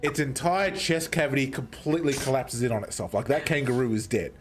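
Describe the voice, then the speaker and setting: A young man, telling a story in a casual, animated way and swearing heavily as he goes. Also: medium pitch, a little fast, noisy background. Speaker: streamer.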